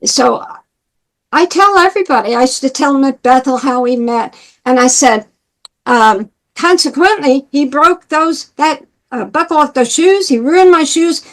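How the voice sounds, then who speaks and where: A woman's voice: sits high, measured pace, poor audio. A woman in her eighties from New York, telling her life story and acting out the voices of people she quotes. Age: 80s. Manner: animated, acts out quoted dialogue. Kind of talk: personal storytelling.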